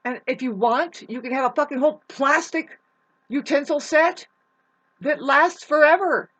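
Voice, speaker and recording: A woman rambling in a spiritual video monologue, excitable and swearing, jumping between loud outbursts and low mutters. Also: moderate pace, low-quality recording. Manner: swears casually, many restarts. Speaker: vlogger.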